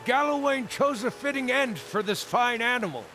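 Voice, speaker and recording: A man's voice: extremely high pitch, moderate pace. A man voicing a cheerful small male Orlan druid in a video game, talking with jovial relish, over game music. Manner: jovial and relishing, lively sing-song delivery. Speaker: game character.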